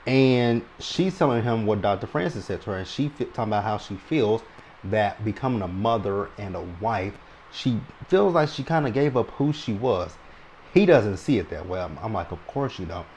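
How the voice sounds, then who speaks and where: A man with a fairly low-pitched voice talks through a reality TV episode in a relaxed, chatty way. He is long-winded and keeps tagging "right?" onto his points. A faint hum of room noise sits behind him. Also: moderate pace. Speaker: reality TV recap host. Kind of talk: casual commentary recap.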